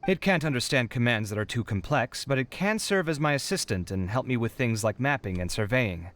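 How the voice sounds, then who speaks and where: A man's voice: mid-range voice, animated, brisk, fairly bright tone, slight background noise, close to an everyday voice. An actor playing a weary, put-upon young male architect in a video game, given to sighs and exasperated complaints. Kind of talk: game dub voice acting. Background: faint game music.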